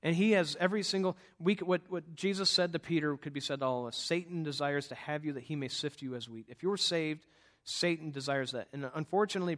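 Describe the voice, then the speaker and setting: A middle-aged man preaching in church, telling a personal story in a conversational way with halting restarts. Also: a little high, fairly bright tone.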